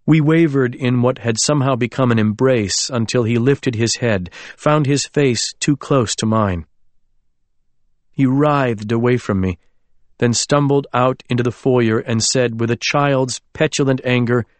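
A man reading a novel aloud as an audiobook narrator, in a measured, literary storytelling manner. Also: mid-range voice, dry recording. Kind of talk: scripted narration.

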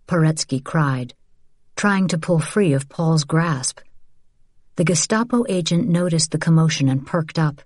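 A woman with a notably low voice reads an audiobook. Her narration is measured and even. The recording is dry and close, with no room sound. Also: no echo. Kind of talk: scripted narration.

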